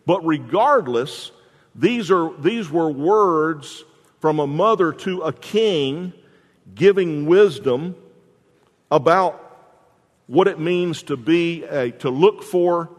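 A man with a higher voice and lively intonation preaches slowly in a space with a big-room sound. He is a pastor telling folksy stories and often begins his sentences anew.

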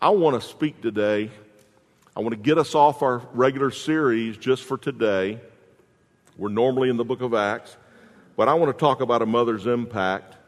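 Speaking from a large hall, this pastor delivers his sermon at a medium pitch and an unhurried, moderate pace. His storytelling is homespun and folksy, and he keeps breaking off to start his thoughts over.

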